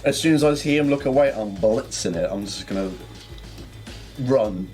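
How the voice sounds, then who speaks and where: A man's voice: mid-range voice, expressive, normal speed, over music. A man, a player in a tabletop game, thinking aloud hesitantly with many fillers. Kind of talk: tabletop role-play chat.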